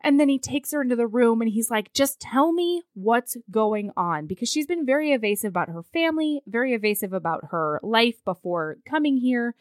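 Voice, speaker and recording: A woman co-hosting a podcast, recapping a novel in casual chat, animated and swearing freely. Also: fairly high pitch, fast, hardly any pauses, no echo, clean studio sound.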